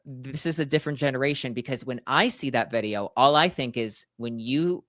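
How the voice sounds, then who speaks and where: A man in his thirties co-hosting a podcast, telling stories in an animated, playful way with acted-out asides. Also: medium pitch, a little fast, no echo, clean studio sound. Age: 30s. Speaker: podcast co-host. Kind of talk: casual chat.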